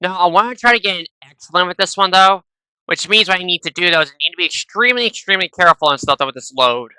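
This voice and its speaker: Sitting at his PC at home, a man narrates gameplay into a gaming headset for his videos, rambling chattily to viewers and ending nearly every phrase with "though" or "and stuff." His high voice is animated, fast, bright, forceful and smooth. The audio is dry but poor.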